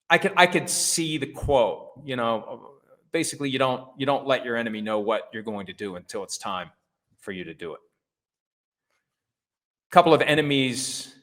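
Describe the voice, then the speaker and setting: A man's voice: mid-range voice, a bit bright. Blunt, opinionated male sports host. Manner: opinionated, blunt, sarcastic, casual swearing. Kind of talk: sports talk commentary.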